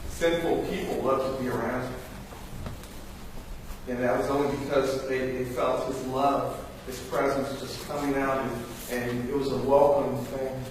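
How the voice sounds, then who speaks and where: A man's voice: medium pitch, measured pace, a little hiss or hum. A man preaching a sermon as pastor, telling stories and acting out the voices of the people in them. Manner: animated storytelling, acts out voices. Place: church sanctuary. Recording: very echoey church, from far off.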